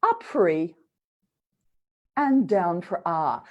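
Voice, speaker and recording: A middle-aged woman leading a vocal warm-up lesson, coaxing and demonstrative. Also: fairly low pitch, animated, slow. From Australia. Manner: demonstrative, coaxing, with sung exercise syllables. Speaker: voice coach.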